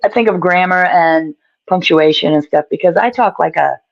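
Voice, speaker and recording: A man's voice: high-pitched, moderate pace, vocal fry, no room sound. A man chatting as a guest on a video call, rambling and self-deprecating, often trailing off mid-thought. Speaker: guest author. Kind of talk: casual video call chat. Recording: dull lo-fi call audio.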